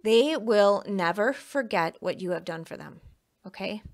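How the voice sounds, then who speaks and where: A woman's voice: mid-range voice, lively intonation, unhurried. Emphatic woman giving a tarot reading. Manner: emphatic, repeats phrases, frequent "okay?". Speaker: tarot reader. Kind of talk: casual tarot reading monologue.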